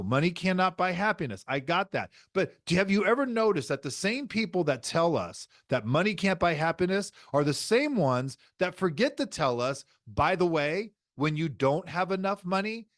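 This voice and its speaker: A middle-aged man delivers a motivational podcast monologue in a fairly high voice. He speaks with emphasis and returns to the same phrases again and again. The sound is dry and close, with no room around it. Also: animated, normal speed, hardly any pauses, dry recording. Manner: emphatic, repeats key phrases. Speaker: podcast host.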